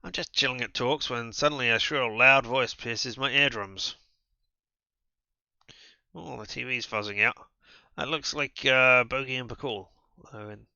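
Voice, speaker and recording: A man reads a story game aloud and slips in wry asides. His voice is gravelly and very bright, recorded dry and dull. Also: mid-range voice, no echo. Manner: wry asides between read lines. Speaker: streamer playing a visual novel.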